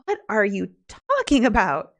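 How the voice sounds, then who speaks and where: A woman's voice: medium pitch, huge pitch swings, unhurried. A puzzled young prince, voiced by a woman narrator in a casual, baffled tone. He keeps asking what is going on. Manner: baffled questioning.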